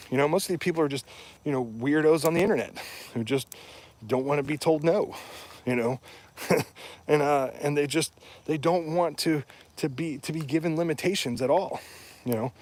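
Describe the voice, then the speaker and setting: A man's voice: on the high side, normal speed, long pauses, a little mellow. A man in casual talk, speaking bluntly and emphatically, often rising into indignant rhetorical questions. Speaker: podcast guest or host discussing heathen religion.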